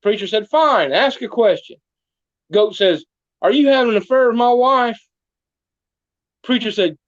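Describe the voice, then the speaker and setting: A man's voice: very high-pitched, measured pace, pauses often, dry recording, dull audio. A man, playing a small-town mayor who tells comic tall tales in an interview and does voices for the people in them. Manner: folksy tall-tale teller, doing voices for the people in his stories. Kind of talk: comic storytelling in a podcast interview.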